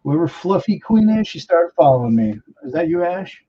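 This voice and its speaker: A man's voice: a little high, very animated, moderate pace, dark tone, lo-fi sound. A man, a comic artist, chatting casually and rambling through stories on a livestream while he works, close to the microphone. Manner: rambling, offhand storytelling with mild swearing.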